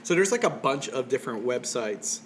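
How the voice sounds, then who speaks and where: A man's voice: mid-range voice, animated, moderate pace, background noise. Joking man in casual podcast chat. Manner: joking, teasing, laughs often. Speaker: podcast co-host.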